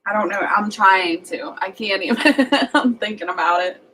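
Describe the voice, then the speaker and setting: This is a woman with a Southern US accent talking casually to her viewers on a livestream. She rambles easily from comment to comment at an ordinary pitch. A faint hum of background noise sits under her voice. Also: fairly even intonation, moderate pace, pushed and bright, low-quality recording. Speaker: livestream host chatting with viewers. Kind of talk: casual live chat reading comments.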